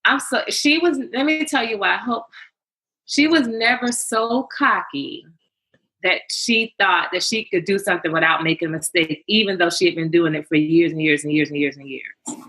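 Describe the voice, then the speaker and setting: A middle-aged woman, a guest in a candid interview, talking as an emphatic, animated storyteller. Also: fairly low pitch, moderate pace, poor audio. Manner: emphatic, animated storyteller with repeated rhetorical questions.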